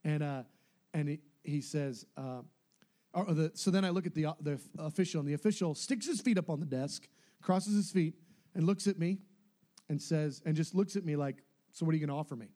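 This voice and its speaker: A young man casually recounts a mission trip, speaking at a normal speed in a somewhat high voice. He's animated, acting out what others said in shifting voices.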